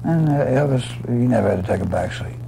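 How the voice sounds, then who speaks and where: A man's voice: mid-range voice, lively intonation, quick pace, dark tone, a little hiss or hum, low-quality recording. A man, a musician guest, talking emphatically about a fellow singer. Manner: gravelly, emphatic.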